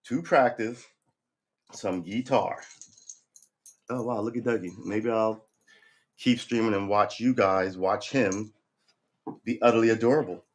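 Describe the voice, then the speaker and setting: A relaxed man with a fairly low voice hosts a casual home livestream. His talk is loose and chatty, and now and then he slips into a coaxing sing-song when he speaks to his dog. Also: measured pace, long pauses. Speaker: livestream host. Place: home room.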